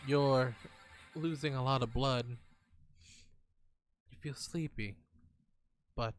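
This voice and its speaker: Slow-talking male streamer reading a game. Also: mid-range voice. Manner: slow, theatrical reading with playful asides. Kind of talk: reading a text game aloud while playing.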